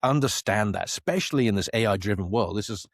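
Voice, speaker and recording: Animated storyteller man, fast and low. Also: dry recording, clean studio sound. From Isle of Man. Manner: animated storyteller, acts out quoted dialogue. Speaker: guest, space company CEO. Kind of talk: podcast interview.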